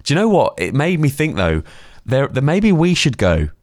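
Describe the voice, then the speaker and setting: A man's voice: mid-range voice, huge pitch swings, normal speed, darkish tone, no room sound, studio quality. A man co-hosting a radio chat, telling rambling, self-deprecating stories full of restarts. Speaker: radio co-host.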